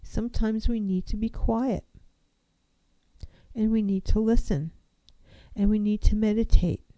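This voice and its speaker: A woman's voice: mid-range voice, fairly even intonation, measured pace, mellow, no room sound. A woman counselor giving an earnest, reflective self-help talk, posing one rhetorical question after another.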